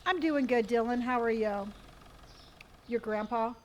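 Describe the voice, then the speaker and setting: Gentle woman streamer chatting with viewers. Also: a little high, a little slow, lo-fi sound, a little hiss or hum. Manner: warm, reads viewer comments and calls them honey. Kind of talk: casual live-stream chat.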